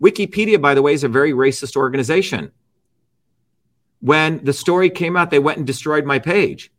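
In an argumentative interview, a middle-aged male guest speaks in a slightly high, brisk voice. He lectures with emphasis, hammering on his key phrases and tossing in "okay?" and "right?" to check in.

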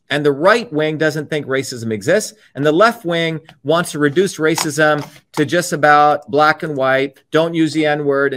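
A man from India talks in a slightly high voice, combative and emphatic. He drives his argument through repetition, circling back to the same phrases again and again. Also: fairly bright tone. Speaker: speaker giving a political talk. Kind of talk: impassioned monologue.

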